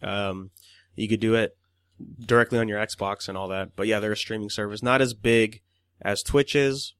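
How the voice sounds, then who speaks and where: A man's voice: fairly low pitch, fairly even intonation, moderate pace, fairly bright tone, smooth, no room sound, studio quality. A man co-hosting a podcast in loose casual chat, swearing often and laughing as he quotes people. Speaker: podcast co-host.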